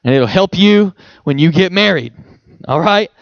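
A young man preaching a sermon to a church audience, talking conversationally with rhetorical questions and quick chuckles. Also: high-pitched, lively intonation, vocal fry, dry recording, dull audio. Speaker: pastor.

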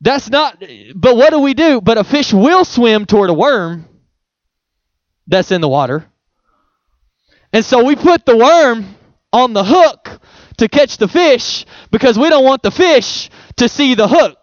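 A man's voice: extremely high pitch, expressive, unhurried, no room sound, lo-fi sound. A male pastor giving a sermon in a conversational, playful way, with homely examples.

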